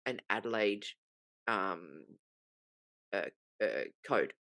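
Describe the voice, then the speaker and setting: A woman's voice: a bass voice, slow, dry recording. A woman co-hosting a casual podcast chat, telling stories with lots of swearing and acting out the other people's lines. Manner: animated storytelling, acts out quoted voices, swears freely. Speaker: podcast co-host.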